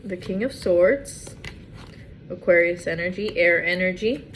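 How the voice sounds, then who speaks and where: A woman's voice: on the low side, a little slow, low-quality recording. Woman tarot reader, casual channeled delivery, emphatic repeats, faint background hiss. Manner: emphatic, repetitive, restarts phrases.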